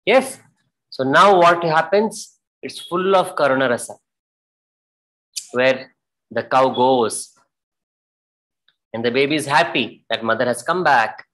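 A man's voice: mid-range voice, slow pace, long pauses, a bit bright, low-quality recording. A man teaching a dance workshop over a video call, patiently explaining and acting out the story. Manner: patient, explains and acts out scenes.

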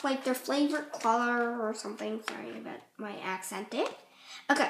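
Woman, art tutorial host, rambling, apologetic, high voice, lively swings in pitch. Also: a little fast, creaky, background noise. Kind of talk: casual craft tutorial.

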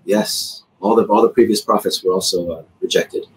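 A man's voice: fairly low pitch, fairly even intonation. A man hosting an interview, asking questions hesitantly with many ums and uhs. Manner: hesitant, fills pauses with um and uh. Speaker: interview host. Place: Israel. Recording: distant mic, faint background hiss.

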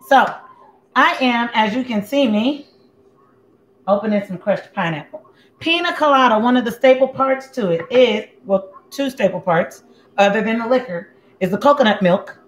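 A woman's voice: mid-range voice, lively intonation, normal speed, muffled recording. Sassy woman chatting in kitchen. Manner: blunt, sassy, chatty, talks to viewers. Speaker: cooking show host. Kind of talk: casual livestream cooking chat. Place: home kitchen. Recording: echoey room with faint background noise.

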